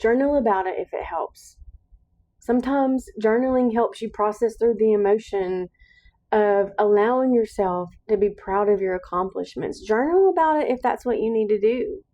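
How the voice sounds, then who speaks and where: A woman's voice: mid-range voice, normal speed, dark tone. A woman hosting a solo podcast, speaking in an earnest, encouraging monologue with emphatic repetition. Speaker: podcast host.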